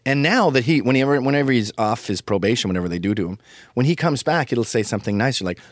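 A man's voice: mid-range voice, lively intonation, quick pace, dry recording, studio quality. A man in his fifties ranting in a casual comedy monologue, profane and opinionated. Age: 50s.

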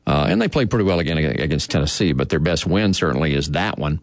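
A man's voice: a bass voice, lively intonation, fast, no room sound. A man hosting sports radio talk in an easygoing way, laughing often.

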